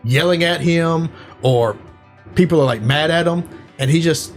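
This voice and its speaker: A man co-hosting a casual podcast, rambling through an animated retelling with lots of fillers. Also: fairly high pitch, normal speed, faint music behind. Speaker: podcast co-host. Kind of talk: casual chat.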